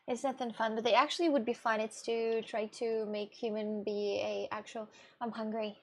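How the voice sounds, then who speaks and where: A woman's voice: fairly high pitch, little pitch movement, moderate pace, darkish tone. A young woman streamer from Russia, chatting casually with viewers in a rambling way, with gasps and restarts. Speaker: live streamer.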